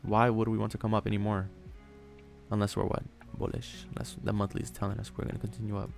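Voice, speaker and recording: Playful, gravelly-voiced man streaming live. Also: fairly low pitch, completely flat delivery, quick pace, soft background music. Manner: playful, rambling, thinking aloud. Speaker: livestream trading host. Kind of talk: casual live commentary.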